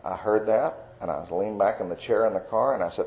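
An older man who is a Christian artist relates his personal testimony, his fairly low, slightly mellow voice moving a little fast with few pauses. The folksy, meandering telling is full of fillers, on poor-quality audio.

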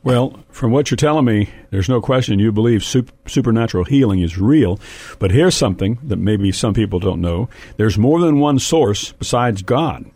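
A man's voice: lowish voice, expressive, moderate pace, few pauses, dark tone, no echo. A man hosting a Christian talk show, leading his guest with brief questions. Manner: leads the guest with short questions. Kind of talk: scripted show host prompts.

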